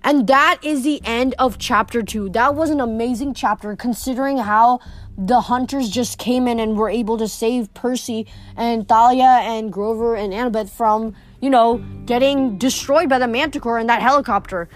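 A woman's voice: a little high, normal speed, faint music behind. A woman reading a novel aloud, stumbling and correcting herself now and then. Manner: casual, stumbles and self-corrects. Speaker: reader.

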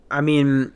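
A man's voice: on the high side, smooth. Rambling, profane male podcast host. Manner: rambling, profane, sardonic, with sighs and restarts. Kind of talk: casual podcast rant.

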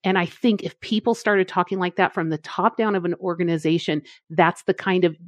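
A woman's voice: on the low side, fairly even intonation, a little fast, dry recording. A woman guest on an interview podcast, a CEO, chatting casually and enthusiastically, acting out her own thoughts in quotes. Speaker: guest, marketing agency CEO.

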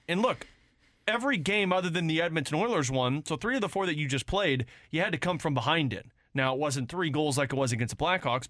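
A man hosts a sports talk show and goes through games and stats in a measured way. His voice sits a little high for a man. The recording is dry and close. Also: a bit bright, no echo.

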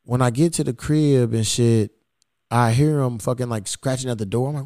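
With clean studio sound and no room noise, a medium-pitched man hosting a podcast tells a story at a moderate pace in casual chat. He curses often and gives an animated retelling of the exchanges he quotes.

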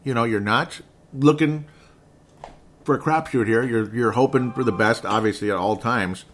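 A man's voice: medium pitch, normal speed, a bit bright, slight background noise. A man giving casual solo commentary on football draft picks, rambling and correcting himself as he talks. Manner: rambling, self-correcting, conversational. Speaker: sports podcast host.

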